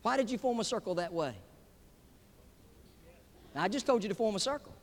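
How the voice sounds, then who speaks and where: In a large hall before a live audience, a man delivers a sermon in a very high, widely moving voice, animated and brisk. He preaches emphatically, swinging between loud peaks and hushed drops, while long reverb trails each phrase.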